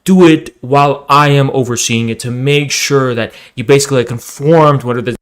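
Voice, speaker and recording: A man's voice: mid-range voice, brisk, clean tone, voice pushed down, lightly acted. A man voicing a condescending leftist who hedges and talks down to people. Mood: smug. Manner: patronizing, hedging.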